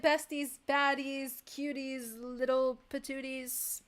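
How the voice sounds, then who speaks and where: A young woman streamer chatting casually with her viewers, animated and ranting with frequent laughter. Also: sits high, a little slow. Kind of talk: casual live-stream chat.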